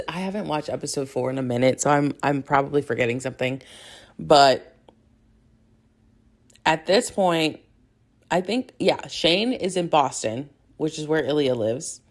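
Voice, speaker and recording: A young woman hosting a podcast, recapping a show in a rambling, giggly, excitable way. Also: sits low. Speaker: podcast host. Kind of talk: casual fangirl recap.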